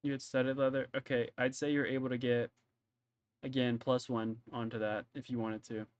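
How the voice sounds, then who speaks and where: A man's voice: medium pitch, flat delivery, normal speed, dry recording, highs cut off. A man narrating as game master in a tabletop game, casual and rambling, often stumbling over his words.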